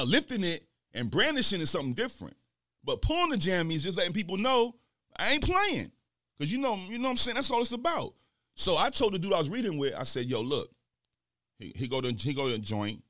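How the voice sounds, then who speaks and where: Animated New man telling stories. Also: on the high side, fairly quick, dry recording, studio quality. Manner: animated, acts out quoted dialogue in loud bursts. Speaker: podcast host. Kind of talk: casual storytelling.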